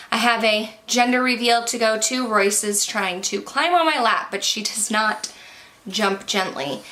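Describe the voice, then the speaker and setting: Bright-voiced young woman vlogger. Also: fairly high pitch. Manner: candid, chatty, disappointed tone. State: slightly out of breath. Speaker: beauty vlogger. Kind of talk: casual product review.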